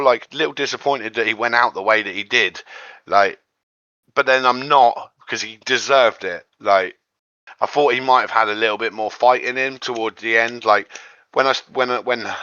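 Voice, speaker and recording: Bright-voiced man rambling casually. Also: on the low side, no room sound, highs cut off. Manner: rambling, acts out quotes in a raised voice. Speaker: podcast host. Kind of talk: casual chat.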